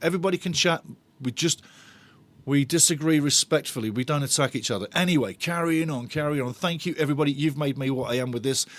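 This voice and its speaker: A man's voice: a little high, quick pace, a bit bright. A man hosting a live football watch-along, chatting with viewers in a bantering, sarcastic way. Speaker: host of a football fan watch-along channel.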